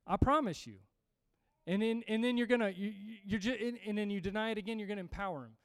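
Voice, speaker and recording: Male preacher, high and clear voice, emphatic and lively sermon delivery, dry sound. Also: quick pace, no echo. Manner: energetic, emphatic, with restarts and humor.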